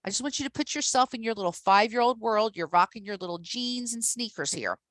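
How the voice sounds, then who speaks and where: A woman's voice: on the high side, a little fast, fairly bright tone, dry recording. A woman presenting a professional development workshop to teachers, upbeat and emphatic, speaking directly to her audience.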